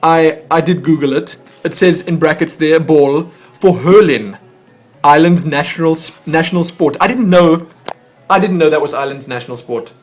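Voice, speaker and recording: A man's voice: fairly high pitch, moderate pace, faint music behind. A man hosting a vlog, chatting casually and poking fun at himself as he stumbles over foreign words. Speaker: vlog host opening fan mail. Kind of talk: casual chat to camera.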